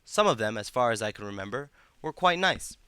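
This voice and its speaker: A man's voice: medium pitch, animated, a little fast, bright, forceful tone, clear, resonant tone, dry recording. An insistent, fussing sister, voiced by a man. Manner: emphatic, insistent.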